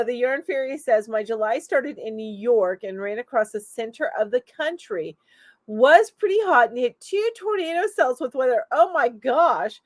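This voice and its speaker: This high-pitched woman hosts a casual live crochet chat stream with no echo on the sound. She's chatty and enthusiastic, laughing often as she reads viewer comments aloud.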